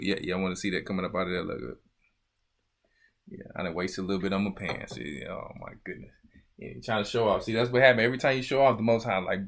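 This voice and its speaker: A man hosting a casual church livestream, chatting loosely and joking with his viewers. His voice sits on the low side but comes across bright and forceful. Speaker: church elder and show host.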